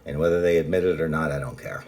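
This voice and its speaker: A man with an extremely deep, low-pitched voice speaks in a loose personal monologue. He rambles and restarts his sentences, swearing bluntly as he goes. A faint background hiss sits under the voice. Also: fast talker, gravelly, a little mellow. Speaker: vlogger.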